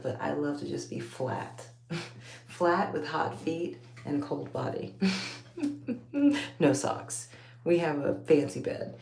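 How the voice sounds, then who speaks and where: A woman with a Texas accent rambles to her viewers in a low, gravelly voice, laughing often as she chats late at night. The room is echoey and a faint hum sits behind her. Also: darkish tone. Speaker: vlogger talking to viewers. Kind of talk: late-night casual chat while taking out braids. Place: home at night, under a bright light.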